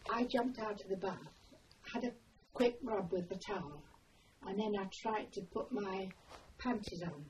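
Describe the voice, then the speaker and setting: Older woman, oral history interview, slow meandering storytelling, distant mic with faint noise. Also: medium pitch, darkish tone. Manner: unhurried, meandering storytelling with pauses.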